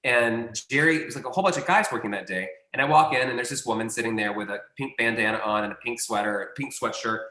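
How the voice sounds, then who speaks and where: A man's voice: mid-range voice, quick pace, hardly any pauses, bright, forceful tone, roomy sound. A man, a casting director guest, telling a long anecdote in a rambling, self-correcting way.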